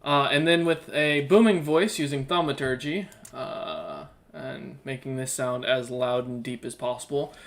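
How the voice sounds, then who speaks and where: A man's voice: medium pitch, lively intonation, unhurried, few pauses, fairly bright tone. A man playing a tabletop game, talking casually with lots of fillers. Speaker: player.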